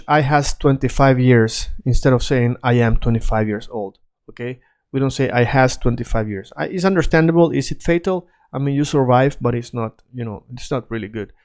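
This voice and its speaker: Guy explaining grammar, smooth clear voice, lots of "right?" and "okay?". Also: mid-range voice, a little mellow. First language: Spanish. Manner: checks in often with "right?" and "okay?"; switches between Spanish examples and English glosses. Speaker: Spanish teacher. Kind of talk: casual explainer lesson.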